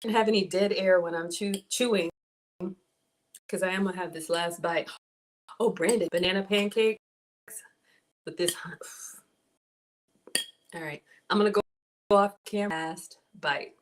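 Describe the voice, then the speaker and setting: Slow-talking Southern woman. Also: fairly low pitch, a little hiss or hum. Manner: chatty, addresses viewers as y'all. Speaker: home cook livestreamer. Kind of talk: casual livestream chat.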